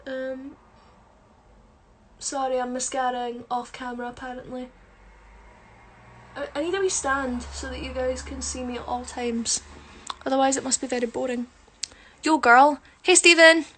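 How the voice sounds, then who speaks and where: A woman talks into her phone during a casual livestream, her voice sitting high. She is chatty and teasing, joking with her viewers while she does her makeup. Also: level tone, moderate pace, long pauses, slight background noise. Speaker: livestream host answering viewer comments. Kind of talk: casual chat.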